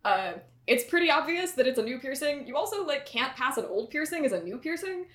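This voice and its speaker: A woman's voice: sits high, big pitch swings, fairly quick, fairly bright tone. A woman co-hosting a podcast in casual chat, easygoing and chatty with many hedges. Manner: chatty, easygoing, fond of hedging. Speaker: podcast co-host. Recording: roomy echo, rough podcast audio.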